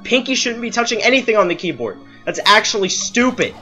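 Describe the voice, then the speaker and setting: A young man with a high, bright voice talks over his gameplay, ranting at the game and making fun of himself. His pitch swings widely, and he talks slowly even when annoyed. Soft music plays under his voice. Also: highs cut off. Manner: frustrated, self-mocking rants at the game. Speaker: let's play gamer. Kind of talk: casual gameplay commentary.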